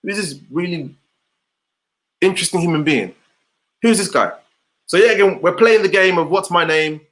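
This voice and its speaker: A man's voice: sits high, lively intonation, normal speed, fairly bright tone. A man giving an online motivational session over a video call, repeating rhetorical questions to his audience. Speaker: motivational speaker.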